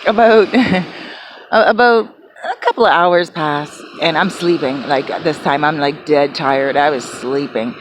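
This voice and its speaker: A woman's voice: low-pitched, a little slow, noisy background. A woman vlogging from her small apartment, telling a rambling story full of fillers and restarts. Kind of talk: casual chatty storytelling.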